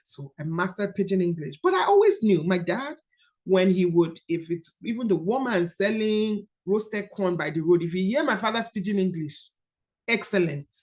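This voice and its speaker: A woman in her thirties with a Nigerian accent, leading a coaching call on a book study in a lively, emphatic teaching manner. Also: medium pitch, dull audio. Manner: animated, storytelling, emphatic. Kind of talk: casual teaching talk.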